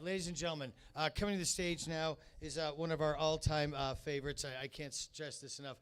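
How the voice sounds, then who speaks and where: A man emceeing a comedy show from the stage. His voice sits a little high, and he rambles, stopping and restarting with lots of fillers. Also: a bit bright, smooth. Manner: rambling, halting with many fillers. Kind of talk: stand-up and emceeing.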